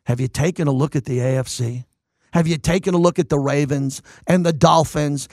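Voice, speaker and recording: A man in his fifties hosting a sports radio show, delivering an emphatic, excitable monologue into a close studio mic. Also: on the high side, no room sound.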